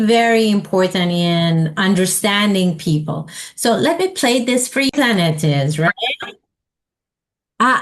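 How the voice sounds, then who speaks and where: A woman leading a teacher training session, asking the group questions and modeling example sentences aloud. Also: mid-range voice.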